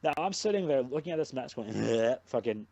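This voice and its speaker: Against crowd noise, a young male podcast host with a voice on the high side talks fast. He tells a long story in casual chat, rambling, animated, and swearing constantly.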